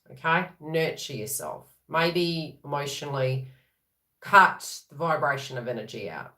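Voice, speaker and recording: A woman talks through a spiritual reading in a casual, lively way, dropping into quick voices for the thoughts she quotes. Her voice sits a little low but sounds bright and forceful. The room around her rings with echo. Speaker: tarot reader. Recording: echoey room.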